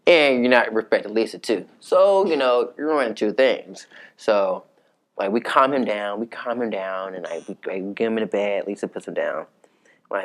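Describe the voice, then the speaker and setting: A man telling a story in a casual, conversational way, animated and profane. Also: fairly low pitch, normal speed.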